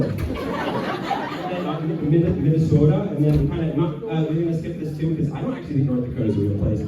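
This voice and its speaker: A man from Southern California doing a live stand-up comedy bit, halting with many fillers and dipping into quick accent impressions. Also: on the high side, crowd noise. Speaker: comedy performer at a family event. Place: large echoey hall with a live audience. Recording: echoey hall from far off, dull sound. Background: audience murmur and laughter.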